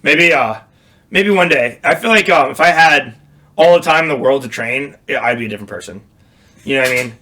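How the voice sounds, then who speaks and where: Man in his thirties, bright voice, profane joking banter, casual podcast chat. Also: mid-range voice, animated, fairly quick, slight background noise. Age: 30s. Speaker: podcast host; bartender.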